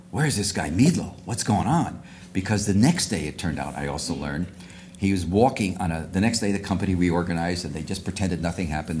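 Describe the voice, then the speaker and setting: A man's voice: low-pitched, darkish tone, slight background noise. An older man giving an anecdotal luncheon speech, rambling with frequent restarts and asides. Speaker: award speaker. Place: luncheon hall.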